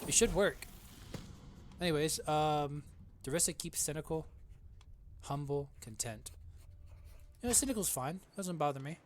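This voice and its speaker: A man's voice: a little high, expressive, unhurried, long pauses, slight background noise. A young man giving casual, joking gameplay commentary and calling everyone "bro" in slang. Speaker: let's play gamer.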